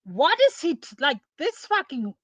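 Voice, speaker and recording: A woman's voice: high voice, very animated, normal speed, crowd noise. A woman from Germany hosting a livestream, reacting to a clip with exasperated, profane commentary. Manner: exasperated, swearing, rambling.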